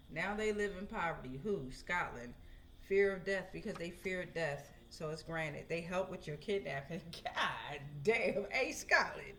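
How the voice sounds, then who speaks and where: A woman's voice: on the low side, fairly bright tone, slight background noise. A woman giving a casual tarot reading, chatting to her viewers and often asking "right?". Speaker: tarot reader.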